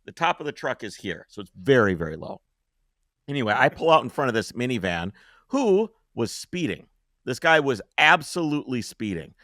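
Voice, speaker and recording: Animated man telling a wild story. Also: mid-range voice, moderate pace, no echo, clean studio sound. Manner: animated, swears freely, acts out scenes. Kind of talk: casual storytelling.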